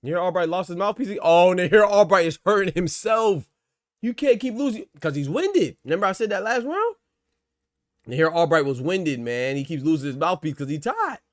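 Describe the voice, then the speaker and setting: Excitable man calling a live fight. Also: high voice, moderate pace, dry recording. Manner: excitable, shouts during big moments, slangy and conversational. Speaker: boxing commentator and channel host.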